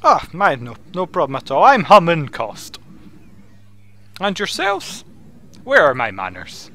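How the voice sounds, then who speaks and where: A man's voice: on the high side, huge pitch swings, measured pace, bright, forceful tone, slight background noise, pitched above the performer's own voice, heavily acted. A man voicing a male wizard who commands zombies, speaking formally and overly politely with hesitant phrasing. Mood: genteel.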